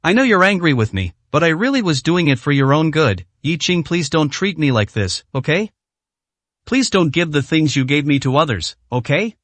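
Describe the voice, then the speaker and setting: A man's voice: a little high, sing-song, a bit bright, no room sound. A man voicing a heartbroken young woman who pleads and stumbles over her words in an audio story. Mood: tearful. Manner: pleading, halting.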